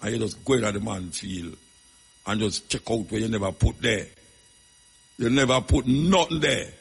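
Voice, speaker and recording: A man's voice: on the low side, moderate pace, creaky, breathy edge, long reverb tail. A man with a Jamaican accent, hosting a radio talk show and telling stories in loose, rambling patois full of emphatic asides.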